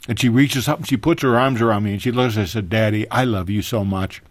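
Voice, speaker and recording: A man telling a personal story as a guest on a radio talk show, animated, his voice leaping higher at emotional moments. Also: quick pace, dry recording. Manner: animated, pitch jumping high in emotional moments.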